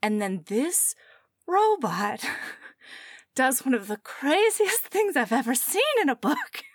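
A woman's voice: slow pace, husky, dry recording, studio quality. A young woman co-hosting a casual podcast, retelling a book plot and acting out the characters' lines. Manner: animated, acts out characters' lines with big pitch swings. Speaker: podcast co-host.

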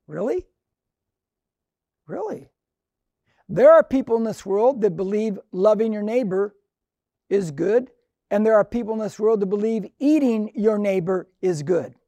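A man's voice: sits high, mellow, no room sound, studio quality. A middle-aged man preaching a sermon, building emphasis through repeated phrases and rising calls. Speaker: pastor.

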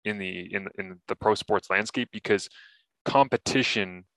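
A man hosting a casual sports podcast, telling stories in an animated way with many fillers. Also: on the low side, moderate pace, no echo. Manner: animated storytelling, frequent fillers. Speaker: podcast host.

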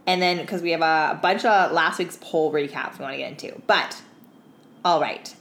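A young woman co-hosting a podcast, telling stories in casual chat, swearing freely and acting out other people's lines. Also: on the low side. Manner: animated storyteller, swears freely, acts out customers' lines. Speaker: podcast co-host. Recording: echoey room with faint background hum.

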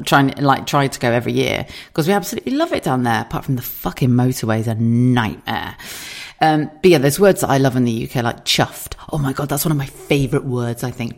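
A middle-aged woman tells stories on her podcast, chatty and animated and quick to giggle. Her pitch swings widely from low to high as she gets carried away. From southern England. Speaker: podcast host. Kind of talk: casual storytelling monologue.

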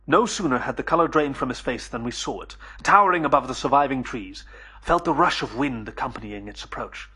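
A man narrates a first-person adventure audiobook in a steady, measured storytelling way. His voice is breathy and husky, sitting at a middle pitch.

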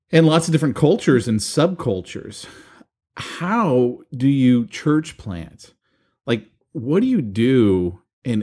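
A man's voice: lowish voice, warm tone. A man co-hosting a podcast in casual chat, bantering and rambling on as he makes his points. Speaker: podcast co-host.

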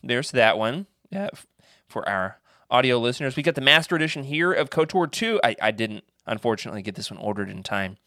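Rambling, animated male podcast host. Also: medium pitch, brisk, no echo, clean studio sound. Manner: rambling anecdotes with restarts and animated quoted voices. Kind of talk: casual chat.

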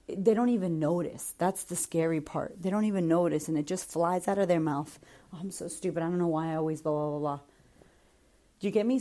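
A woman's voice: lowish voice, mellow. Blunt, swearing woman coaching listeners. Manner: blunt, swears freely, speaks directly to the listener. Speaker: podcast host and confidence coach. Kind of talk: casual motivational monologue.

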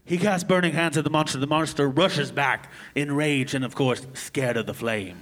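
A man's voice: fairly high pitch, normal speed, fairly bright tone, slight background noise. A man serving as game master, narrating a tabletop game with dramatic storytelling.

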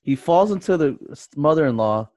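A man's voice: fairly high pitch, lively intonation, brisk, a little mellow, dry recording. A man hosting a casual chat, reacting to a story with laughs and disbelieving swears.

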